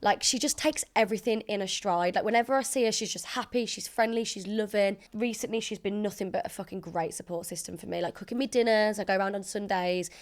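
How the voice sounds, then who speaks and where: Woman co-host, easygoing and giggly, middle-pitched, says "like" constantly. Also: fast, few pauses. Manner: chatty, giggly, says "like" a lot. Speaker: podcast co-host. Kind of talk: casual chat.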